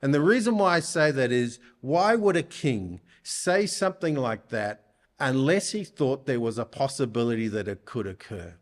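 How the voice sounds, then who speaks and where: A man preaching a sermon in church, speaking deliberately and putting rhetorical questions to his listeners. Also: mid-range voice, animated.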